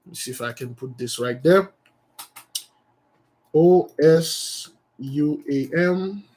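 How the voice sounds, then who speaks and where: A man's voice: on the high side, slow pace, a little mellow. A man leading an informal study session, reading a text aloud and explaining it in a rambling, self-correcting way. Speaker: study host.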